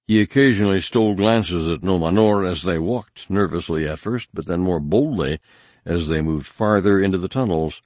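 A man narrating a story in measured scripted narration, giving harsh commanding voices to the characters. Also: low voice, a little mellow, dry recording, clean studio sound. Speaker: audiobook narrator.

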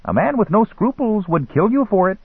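A towering eunuch guard teases in a lilting, raised sing-song, as a man puts him on, his voice husky and full of insolence. The sound is dry and narrow, like a phone line. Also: high voice, sing-song, a little fast, no room sound, voice pushed up, heavily acted. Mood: sly. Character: huge male eunuch guard, sly and insolent.

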